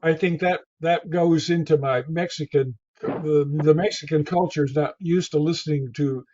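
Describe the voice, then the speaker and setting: A man with a Tennessee drawl talks casually as an interview guest, in a fairly high voice. He rambles and restarts his phrases over and over. The audio sounds dull and muffled. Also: fairly even intonation, normal speed, mellow, a little hiss or hum. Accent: Southern US, Tennessee. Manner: rambling, repeats his words often.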